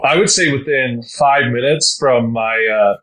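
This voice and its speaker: A man's voice: medium pitch, unhurried, fairly bright tone. A young man co-hosting a podcast, telling stories in casual chat full of "like" and fillers. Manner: filler-heavy storytelling, lots of "like". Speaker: podcast co-host.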